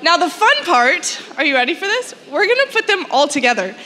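Upbeat woman chorus teacher, bright high voice. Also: sing-song, brisk. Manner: upbeat, encouraging, chanting fruit words. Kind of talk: leading an audience warm-up at a school concert. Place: school concert hall. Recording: long hall reverb with music behind.

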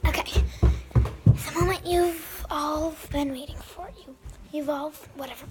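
A young girl vlogging casually at home, gushing and excitable, often dropping into whispers. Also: sits high, unhurried. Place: home, indoors.

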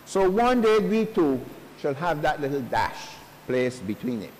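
A male pastor giving a funeral sermon in earnest, slow preaching sprinkled with homespun stories, recorded at a church service. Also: a little high, sing-song, darkish tone. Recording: long church reverb.

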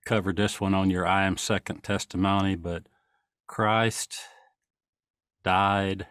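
A man hosting an interview, calmly affirming his guest and prompting the next story. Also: low-pitched, no room sound, studio quality. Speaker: interview host. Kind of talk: interview questions.

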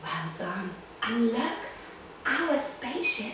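A kids' yoga teacher leads a guided story-time class, speaking slowly in a medium-pitched voice. She's playful, gasping and making beeping sound effects, and the distant mic picks up an echoey room plus background noise.

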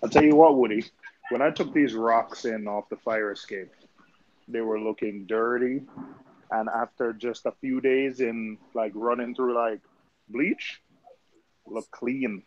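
A man's voice: mid-range voice, fairly even intonation, unhurried, a little mellow. A man joking and chatting casually on a group video call. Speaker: reef hobbyist. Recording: muffled call audio with background noise.

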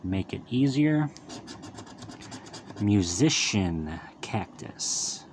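A man's voice: fairly low pitch, expressive, very slow, darkish tone, slight background noise. A man hosting his own lottery channel, calling out each symbol with casual running commentary and upbeat wisecracks as he scratches tickets.

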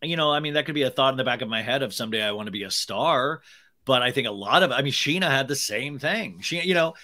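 Chatty bright-voiced man. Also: mid-range voice, animated, quick pace. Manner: chatty, many fillers and restarts, gossipy storytelling. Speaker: guest podcaster. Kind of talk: casual chat.

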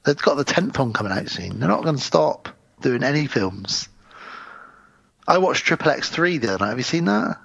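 A man's voice: medium pitch, moderate pace, vocal fry, slightly rough, no room sound. A man co-hosting a podcast, chatting about films casually and acting out scenes in voices. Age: adult with wife and in-laws. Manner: animated, acts out scenes in voices, laughs often. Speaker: podcast co-host. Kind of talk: casual film review chat. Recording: dull, dry lo-fi sound.

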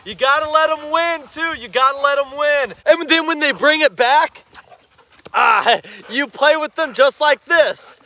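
Playful high-voiced man training his dog. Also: measured pace, sharp tone. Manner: playful, laughs often, gives short commands.

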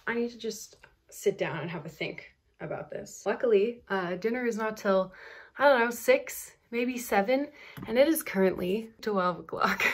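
Woman vlogger, mid-pitched, chatty, self-deprecating humor, laughs a lot, at home. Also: a little hiss or hum. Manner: playful and self-mocking. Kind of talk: casual get-ready-with-me chat.

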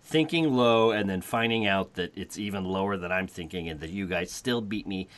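A man hosting a casual podcast chat, wry and animated, often correcting himself mid-sentence. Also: low-pitched, moderate pace. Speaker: podcast host.

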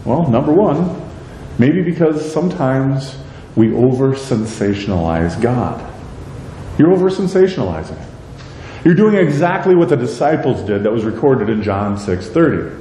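A man's voice: mid-range voice, big pitch swings, moderate pace, mellow. A male pastor preaching a sermon in a church, acting out prayers and quotes in a raised voice. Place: church sanctuary. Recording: echoey church hall, faint noise.

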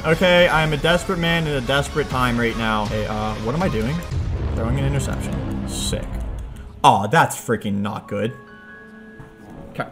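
A young man giving live commentary on his own football video game, excitable, yelling at plays and trash-talking. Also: medium pitch, normal speed, faint music behind. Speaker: gaming YouTuber.

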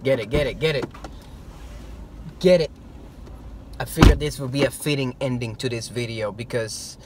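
A man vlogging casually, telling a story in an excitable, animated way, with some stammering. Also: medium pitch, fairly quick, slight background noise. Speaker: toy-hunting vlogger.

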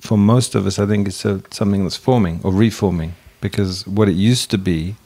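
A man's voice: on the low side, a little fast, warm tone. A man in his fifties from England, a therapist, talking in a thoughtful, hesitant way and often restarting his sentences as an interview guest. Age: 50s. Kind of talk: reflective interview talk.

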